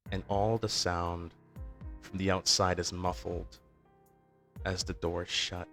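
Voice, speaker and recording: A man's voice: low-pitched, fairly bright tone. A man narrating a second-person audio roleplay in an informal way, with fillers and restarts.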